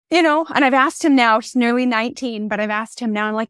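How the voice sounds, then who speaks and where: A woman in her forties, a podcast guest, telling a personal story in an expressive, candid way. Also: on the high side, quick pace, hardly any pauses, clean tone, no room sound, clean studio sound. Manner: candid and reflective.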